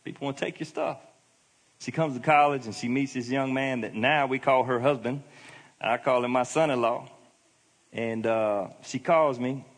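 A man's voice: medium pitch, normal speed. A middle-aged male pastor giving a sermon, in a conversational, emphatic preaching manner. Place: church hall. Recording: long hall reverb.

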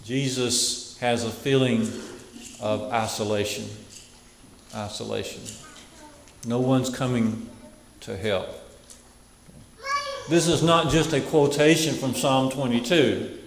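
Guy preaching slow, repeats his big words then goes quiet, sounds like a roomy church from a bit off. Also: medium pitch, slight background noise. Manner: repeats key phrases, dropping to a hush. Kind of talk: sermon.

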